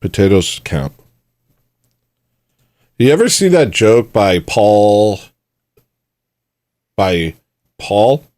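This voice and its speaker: A man's voice: lowish voice, very animated, very slow, long pauses, darkish tone, dry recording, clean studio sound. A man hosting a livestream, talking bluntly and rambling in a self-mocking way. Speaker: livestream host. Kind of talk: casual livestream rant.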